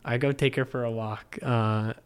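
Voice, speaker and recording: His voice is smooth and medium-pitched, with a steady tone and normal speed. A podcast guest at home in his living room, he tells a long story in a rambling way, full of "like," and acts out the quoted speech of the people involved during a casual storytelling chat.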